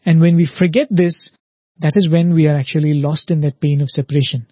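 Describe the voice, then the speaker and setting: A man's voice: fairly high pitch, fairly even intonation, fairly quick, dark tone, dry recording, highs cut off. A man giving a reflective spiritual talk, telling a parable and often checking in with "right?" and repeated "very, very". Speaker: spiritual speaker.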